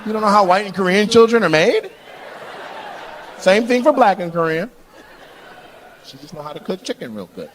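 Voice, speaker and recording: A man's voice: high voice, fairly bright tone, slight background noise. A male stand-up comedian doing crowd work on a club stage, brash and teasing, often laughing as he talks. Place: comedy club stage before a live audience. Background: audience laughter and clapping.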